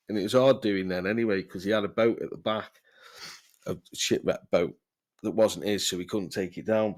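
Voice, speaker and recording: A man telling a rambling, sweary story in casual podcast chat, often breaking into laughter. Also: deep voice. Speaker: podcast host.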